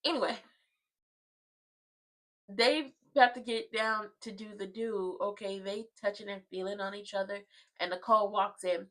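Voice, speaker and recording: A woman's voice: medium pitch, steady tone, moderate pace, long pauses, fairly bright tone, rough recording. A woman hosting a casual soap opera watchalong, recapping scenes with sass and drama. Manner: sassy, dramatic, acts out the characters' lines.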